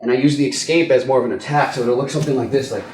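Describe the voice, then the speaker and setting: A man's voice: medium pitch, rapid-fire, darkish tone. Man, jiu-jitsu coach, casual demo talk, roomy echo, labored breaths. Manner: casual, repeats words and says "okay?" often. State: strained breathing while caught in a choke. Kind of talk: instructional technique demo. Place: training gym, indoors.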